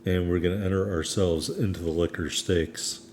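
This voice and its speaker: A man's voice: sits low, fairly even intonation, normal speed, a little mellow, slight background noise. A man hosting a racing game playthrough in casual commentary, rambling with frequent ums and self-deprecating asides. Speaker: let's play host.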